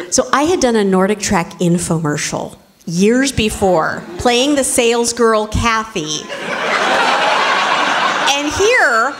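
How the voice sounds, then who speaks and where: A woman guest on a panel at a public event, telling anecdotes in an animated, laughing way. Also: fairly high pitch.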